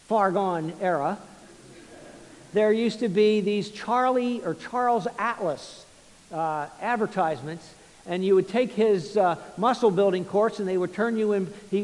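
A man preaching a sermon, retelling a story with many repeats and restarts, swinging between quiet and loud passages. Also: high-pitched, long reverb tail, rough recording. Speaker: pastor.

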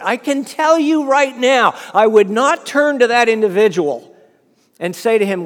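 A man preaching a sermon, telling the story in an animated way and often repeating words. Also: very high-pitched, measured pace, in a large hall. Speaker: preacher, fundraising minister.

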